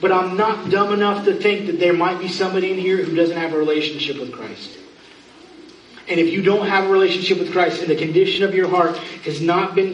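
A man's voice: high voice, muffled recording, slight background noise. A pastor in his thirties giving an earnest, pleading sermon, with self-mocking asides. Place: church sanctuary. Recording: echoey room, from far off.

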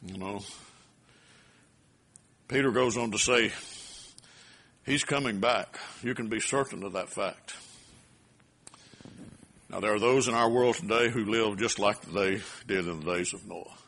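A man preaching a sermon, building to loud emphatic peaks and dropping low again. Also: a little slow, long pauses. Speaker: pastor.

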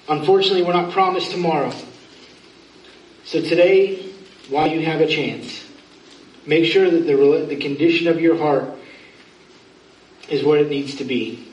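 A man's voice: on the high side, steady tone, moderate pace, pauses often, dull audio. A pastor in his thirties giving an earnest, pleading sermon, with self-mocking asides. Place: church sanctuary. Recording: echoey room, from far off.

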